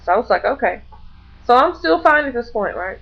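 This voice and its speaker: Speaking fairly high and fairly quick, a woman vlogger with a gravelly, slightly rough voice shares a personal story to camera, and the audio is dull. She animatedly performs others' dialogue in casual speech full of restarts and repeated words.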